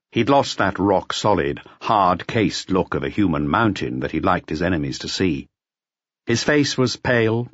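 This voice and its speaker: A man reading a crime novel aloud in a measured, expressive storytelling manner. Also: sits low, no echo. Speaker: audiobook narrator. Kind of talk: scripted narration. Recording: dull lo-fi audio, dry.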